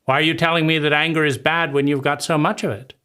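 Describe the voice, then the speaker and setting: A man's voice: fairly high pitch, fairly even intonation, fast, pushed and bright, clear, resonant tone. A man voicing a confused child who questions the mother in a pleading, incredulous way.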